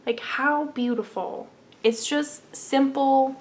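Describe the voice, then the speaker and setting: A young woman hosting a knitting podcast speaks slowly in a mid-range voice, gushing about yarn in casual chat and dipping into whispers at times. There's a little hiss or hum in the background.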